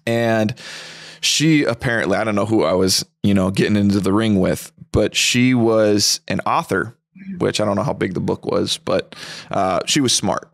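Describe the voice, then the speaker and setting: A man's voice: fairly low pitch, vocal fry, no echo, clean studio sound. A man hosting a faith podcast, chatting in a reflective, conversational way. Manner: conversational, reflective, quick back-channel replies. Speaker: podcast host. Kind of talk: casual chat.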